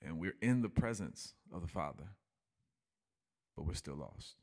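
A man preaching a sermon, telling a story and dropping to quiet emphasis. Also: deep voice, expressive, measured pace.

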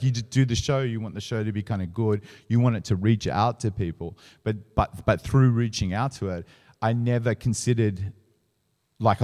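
Male curator, very low voice, rambling storyteller, echoing hall. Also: a little mellow. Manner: rambling, storytelling, many fillers. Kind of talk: public gallery talk. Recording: reverberant hall.

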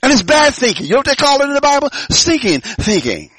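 A man preaching a sermon to a church, swinging between loud rising calls and quiet low asides, with frequent stammering restarts. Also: big pitch swings, fast talker, dry recording. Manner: preaching with sudden loud rises and soft drops. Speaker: pastor.

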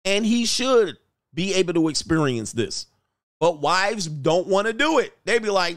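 A relationship coach hosts a livestream, brash and crude, joking and addressing his chat directly. His voice is high with lively intonation and a slightly slow pace, recorded dry in a clean studio.

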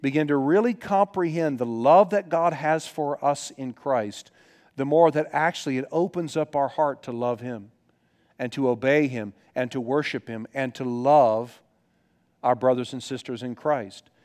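A middle-aged male pastor delivers a sermon in an earnest, conversational manner. His voice sits at an everyday pitch, and he drifts into personal stories, often restarting his sentences as he goes. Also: measured pace, darkish tone.

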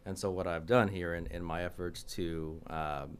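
A young man with a very low, smooth and resonant voice, speaking as a city council member in a radio studio. He explains civic funding earnestly, full of "um"s and quick restarts. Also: steady tone. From California. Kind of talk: radio interview.

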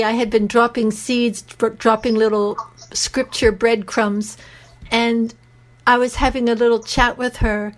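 High-voiced earnest woman telling stories. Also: poor audio. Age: middle-aged. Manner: earnest, heartfelt storytelling. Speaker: radio show guest. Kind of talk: radio interview storytelling.

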